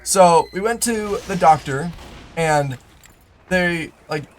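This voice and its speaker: A young man with a fairly high voice tells a long personal story while he plays, scattering "like" and false starts through every sentence. He breaks off mid-thought to react to the game, then picks the story back up. A faint ambient hum sits behind him. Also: takes it slowly. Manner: rambling, full of "like" and restarts. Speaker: gaming YouTuber. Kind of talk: storytelling over live gameplay.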